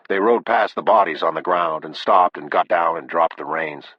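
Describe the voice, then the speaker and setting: A man narrating an audiobook in a measured, unhurried reading. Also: low voice, slightly rough, no room sound. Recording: dull, dry lo-fi audio.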